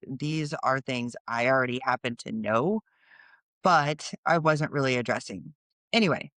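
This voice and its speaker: A woman's voice: rumbling low, fairly bright tone, dry recording, studio quality. Earnest middle-aged woman telling a story. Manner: earnest, conversational, explains as she goes. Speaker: podcast host. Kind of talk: personal storytelling monologue.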